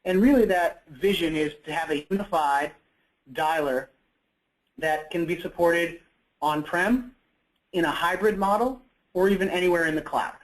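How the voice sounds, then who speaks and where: A man's voice: a little high, moderate pace, low-quality recording. A man presenting a product in a webinar, talking conversationally with frequent fillers and self-corrections.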